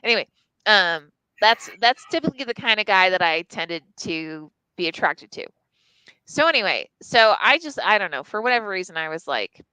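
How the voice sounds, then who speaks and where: A woman's voice: mid-range voice, sing-song, moderate pace, bright, forceful tone, clear, resonant tone, dry recording, poor audio. A woman telling a candid personal story on a live stream, casual and profane, full of "like" and restarts. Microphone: live stream mic.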